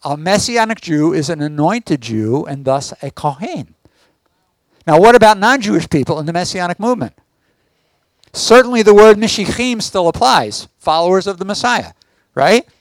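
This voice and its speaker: Man teacher, high voice, dry close sound, checks in with the room often, sermon delivery. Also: animated, moderate pace, no echo. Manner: asks the audience check questions. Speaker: Messianic teacher.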